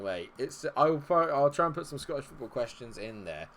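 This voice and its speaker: A man's voice: mid-range voice, big pitch swings, brisk. A man commentating on his own football management game, chatting with viewers and swearing at his players. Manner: swings from chatty to sweary frustration, yelling at players. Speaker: gaming streamer. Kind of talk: live gameplay commentary.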